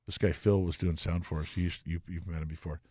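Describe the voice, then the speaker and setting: Give me a middle-aged man as a guest musician, telling rowdy, profane stories in a low, dry voice. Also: fast, slightly rough, no echo. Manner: profane, animated, acts out quoted voices. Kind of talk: casual storytelling.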